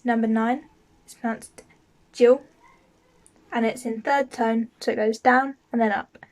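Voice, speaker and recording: A woman teaching a language lesson, explaining each word slowly and saying it twice for the learner to repeat. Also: fairly high pitch, steady tone. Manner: patient, says each word twice clearly. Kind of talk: slow, clear lesson with repeat-after-me drills.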